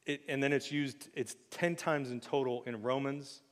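A man preaching a sermon in a casual, joking way, with sudden loud acted outbursts. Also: medium pitch, steady tone, normal speed, in a large hall. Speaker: pastor. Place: church sanctuary.

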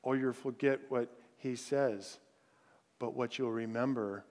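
A man, a pastor, preaching a sermon in a conversational way and softening his voice to recite scripture. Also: medium pitch, steady tone, unhurried. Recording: long hall reverb.

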